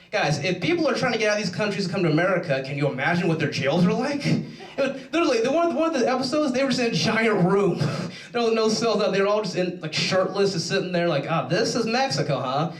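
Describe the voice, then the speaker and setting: A young adult man doing a rambling, animated stand-up comedy set on a stage. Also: high voice. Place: show stage in a large room. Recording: echoey room, mic from far off.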